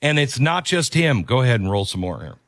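A man's voice: mid-range voice, big pitch swings, a little fast, heavy background noise. A man hosting a commentary show, reacting to a video clip in an emphatic, preachy way and repeating his key phrases.

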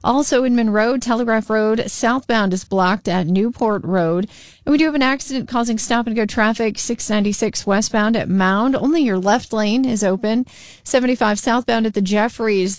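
A woman reading local traffic, news and weather for a radio station in a brisk, steady way. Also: mid-range voice, dry recording, clean studio sound. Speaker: radio newsreader.

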